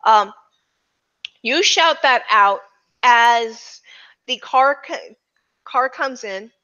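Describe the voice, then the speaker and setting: Bright-voiced woman running a tabletop game. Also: a little high, animated, extremely slow, lo-fi sound. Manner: loose, filler-heavy narration with frequent restarts. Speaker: game master.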